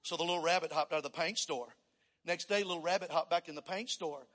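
Brief: energetic male preacher, high ringing voice, sermon in a big echoing sanctuary. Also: fast talker. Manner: energetic, calls for congregational response. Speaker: pastor. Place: church sanctuary. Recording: long reverb in a church hall.

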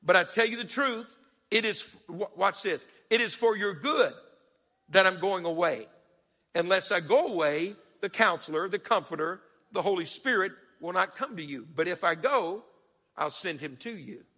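Male preacher with a high, forceful voice and a husky edge, in a church hall with long reverb. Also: animated, normal speed. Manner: preaches with dramatic rising questions and sudden soft drops. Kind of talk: sermon.

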